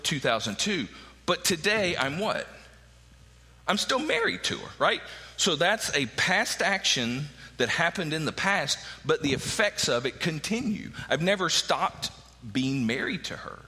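A man in his forties preaches a sermon in a casual, conversational way, checking in with the congregation as he goes. His voice is bright and lively, rising and falling a lot, and it rings out with a long reverb through the sanctuary. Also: on the high side. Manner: conversational preaching with frequent "right?" asides. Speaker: pastor.

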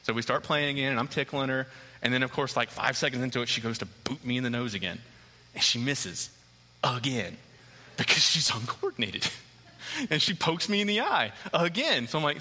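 A man in his thirties preaching a sermon, an animated storyteller who acts out the scenes as he tells them. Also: mid-range voice, moderate pace. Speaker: pastor. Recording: long hall reverb.

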